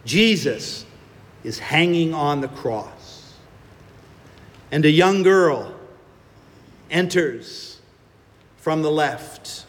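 A man's voice: a little high, lively intonation, very slow, long pauses. A man preaching a sermon, telling a staged story in an earnest, dramatic way. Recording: reverberant hall with music behind.

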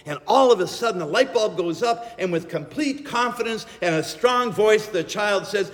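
A male pastor preaching a sermon and leading a breathing prayer, slow and gentle in a measured way. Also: sits high. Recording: long echo of a large hall.

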